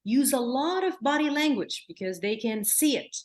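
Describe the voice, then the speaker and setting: A woman from Palestine, a clinical psychologist giving a workshop lecture in an earnest way, often repeating words and slipping into gentle soothing phrases. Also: high voice, animated, moderate pace. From Palestine, raised in Jordan.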